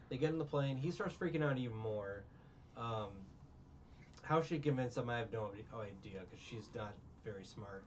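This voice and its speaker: A man's voice: medium pitch, moderate pace, recorded from a distance, lo-fi sound, slight background noise. A man recapping a film in casual chat, rambling and sarcastic, with many restarts. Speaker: podcast co-host recapping a film.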